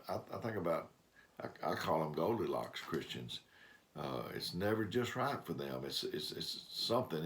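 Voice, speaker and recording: A grandfather-aged man with a deep, low-pitched voice and a drawl. He tells down-home stories in plain, homespun grammar and drifts from one thought to the next, in the way of a devotional talk. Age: older. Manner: rambling storyteller, homespun grammar. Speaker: preacher.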